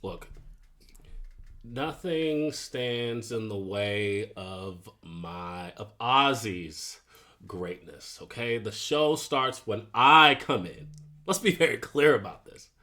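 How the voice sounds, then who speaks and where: Brief: man as a cocky champion brawler, bright voice, bouncing all over in pitch. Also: animated, normal speed. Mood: swaggering. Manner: brash, swaggering, blustering. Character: cocky, boastful male fighter champion.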